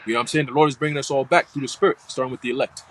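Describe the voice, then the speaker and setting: A man gives a live church teaching in casual, slangy, profane talk, heavy with fillers like "you know what I'm saying." His medium-pitched voice is steady, rapid-fire and a bit bright. The recording is low quality, with a little hiss or hum.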